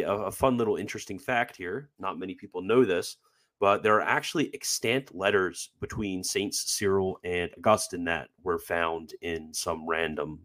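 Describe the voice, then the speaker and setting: A man's voice: sits low, fairly bright tone. A man hosting a live stream, explaining quotes in a chatty, filler-heavy manner and joking about his own pronunciation. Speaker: host presenting theology quotes. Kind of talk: livestream commentary.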